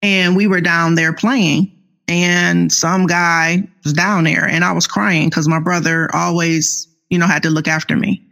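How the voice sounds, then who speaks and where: Woman in her fifties, author guest, gravelly tone, earnest testimony. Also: fairly low pitch, flat delivery, fairly bright tone. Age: 50s. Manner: slow, earnest, faith-filled storytelling. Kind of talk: personal testimony interview.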